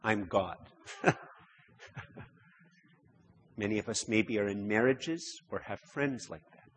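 A man's voice: on the low side, slow, breathy edge. Man preaching in a reverberant hall. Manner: conversational, repeats words, rises to emphatic outbursts. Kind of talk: sermon. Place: church.

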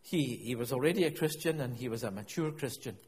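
A man's voice: medium pitch, animated, a little fast, darkish tone, long reverb tail. A middle-aged man preaching a sermon, telling a personal story in a reflective way and often repeating and restarting his words.

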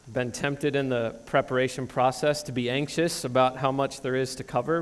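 Man in his thirties, pastor, emphatic sermon delivery, church hall echo. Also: medium pitch. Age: 30s. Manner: earnest, emphatic preaching with frequent restarts. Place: church sanctuary.

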